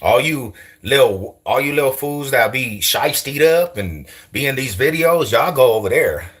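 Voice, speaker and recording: A mid-range, husky voice with lively intonation and a measured pace belongs to a YouTuber in his forties from East Side Denver, Colorado. Replying to comments in a casual livestream chat, he speaks in a local street accent packed with slang. He laughs plenty between remarks and often repeats himself.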